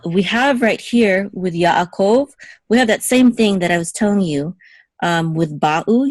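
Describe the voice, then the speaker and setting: A woman with a slightly low voice gives a patient lesson, recorded close up in a dry space. She explains step by step and repeats key words slowly so learners can copy them. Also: a little mellow, no room sound. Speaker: Hebrew teacher. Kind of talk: teaching lesson.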